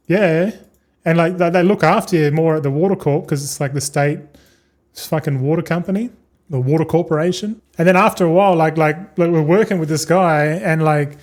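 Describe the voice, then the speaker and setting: A man's voice: a little high, brisk. Laid-back swearing streamer man. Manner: swears freely, tells anecdotes; laid-back, loose and chatty. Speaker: gaming streamer. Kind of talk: casual rambling stream chat.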